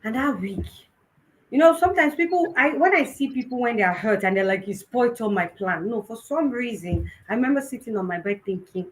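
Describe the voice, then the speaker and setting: A woman's voice: high voice, lively intonation, a little fast, slight background noise, poor audio. A young Nigerian woman hosting a live conference talk, telling a personal story with laughs and Yoruba phrases mixed in. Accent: Nigerian, Yoruba-influenced. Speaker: host.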